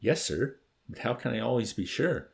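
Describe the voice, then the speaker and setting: A man's voice: mid-range voice, big pitch swings, moderate pace, gravelly. A man voicing an anxious middle-aged orderly. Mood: earnest. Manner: earnest, anxious questions. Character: eager, middle-aged male enlisted orderly.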